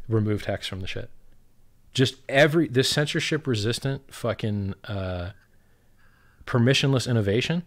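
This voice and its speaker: A man ranting in a casual chat, swearing constantly, with sudden loud outbursts and sarcastic mock quotes. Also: mid-range voice, moderate pace. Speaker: crypto project founder, guest.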